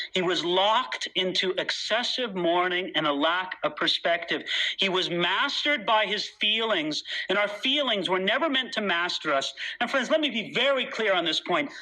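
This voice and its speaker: A man's voice: sits high, sharp tone, poor audio. A man preaching a sermon in an earnest, emphatic way, reading scripture aloud with dramatic weight.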